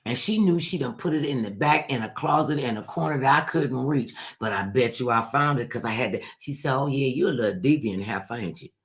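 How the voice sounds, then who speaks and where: A man telling a childhood story in a relaxed chat, lively and at times dropping into a hush. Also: medium pitch, brisk, few pauses. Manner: animated storyteller, drops into a hush at times, Southern-tinged vernacular.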